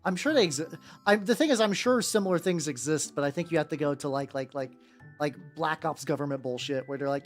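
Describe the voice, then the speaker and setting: Casual livestream chat from someone painting miniatures, rambling and swearing without restraint. The mid-range voice moves a little fast, over faint background music.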